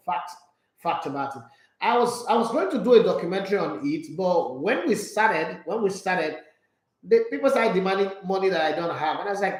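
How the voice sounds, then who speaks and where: A man's voice: sits high, a little fast, roomy sound, rough recording. A Nigerian man hosting a sports show, chatting casually and opinionated as he reacts to listener comments. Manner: animated, opinionated, with frequent asides.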